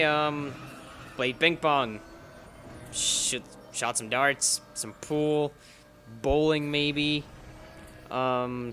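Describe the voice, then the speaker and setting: A man's voice: on the high side, fairly bright tone, slight background noise. A man giving casual, rambling playthrough commentary, sarcastic, with sudden emphatic bursts. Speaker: gaming YouTuber.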